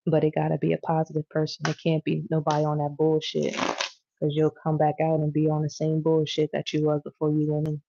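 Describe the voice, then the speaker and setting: A woman's voice: sits low, monotone, brisk, gravelly, warm tone, muffled recording, slight background noise. A woman giving a casual tarot reading to her viewers, rambling, profane and chatty as she goes. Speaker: tarot reader.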